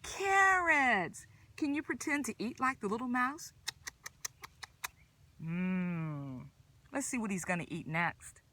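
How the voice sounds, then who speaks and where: A children's librarian reading a picture book aloud at story time, in an animated, exaggerated sing-song way and asking the kids questions. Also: female voice, medium pitch, a little slow, pauses often, noisy background.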